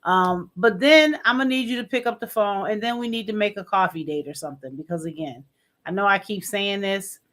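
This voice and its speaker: Woman talking straight in a casual chat, mid-pitch, bright tone. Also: fairly quick. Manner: frank, matter-of-fact.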